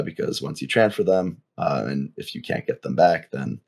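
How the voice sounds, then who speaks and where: A man with a very deep, gravelly voice walks through game rules on a community call. He talks casually and keeps stopping on small fillers as he explains. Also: dark tone. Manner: hesitant, many fillers.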